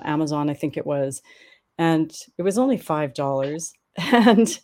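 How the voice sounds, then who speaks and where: A woman's voice: deep voice, dark tone. A woman hosting a conversational interview, friendly and curious, asking her guest questions. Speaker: podcast host.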